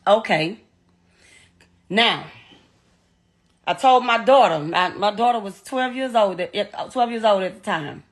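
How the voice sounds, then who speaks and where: A woman's voice: medium pitch, measured pace, long pauses. A middle-aged woman with a Southern US accent, telling a raw, profane and distressed personal account as a grieving mother. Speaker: mother of the deceased, interviewee.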